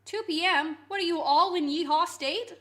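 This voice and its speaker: A woman with a bright, high voice hosts a relaxed cooking stream. She chats playfully with her viewers, teasing them in an easygoing way. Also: normal speed. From Canada. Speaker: live streamer. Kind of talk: casual chat with viewers while cooking.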